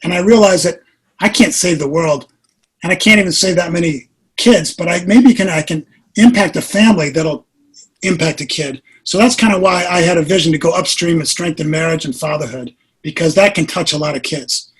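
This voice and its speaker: A man in his sixties, a podcast guest, earnestly telling a personal story with animated delivery. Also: on the high side, brisk, breathy edge, low-quality recording. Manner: earnest, animated storyteller who acts out quotes.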